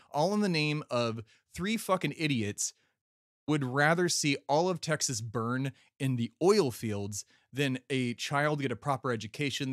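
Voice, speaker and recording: Brief: heated male caller rant, mid pitch, dry close sound, lots of swearing and restarts. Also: a bit bright, no echo. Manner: heated, profane, stumbling over words. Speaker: listener sending in a rant. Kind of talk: angry profane rant.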